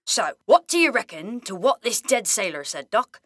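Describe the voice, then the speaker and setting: A woman's voice: medium pitch, sing-song, a bit bright, no room sound, studio quality. A woman playing a bold pirate captain. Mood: commanding. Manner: commanding, brisk.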